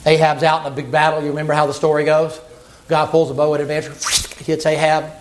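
A man preaching a sermon, retelling a scripture story in a folksy, animated way with playful asides. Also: fairly high pitch, quick pace.

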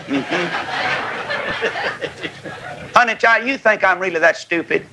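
A man preaching a revival sermon in a tent, folksy and fiery, rising to shouts, with a congregation calling back amens. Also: sits high, slow pace, rough recording. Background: congregation calling amen.

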